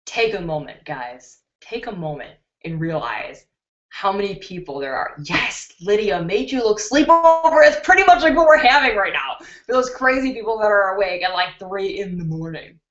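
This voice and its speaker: Excitable woman from Chicago hosting a beauty channel live stream, reads comments aloud; lo-fi webcam audio in a roomy space. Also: medium pitch, moderate pace. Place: indoors at her computer. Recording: roomy, dull lo-fi webcam sound.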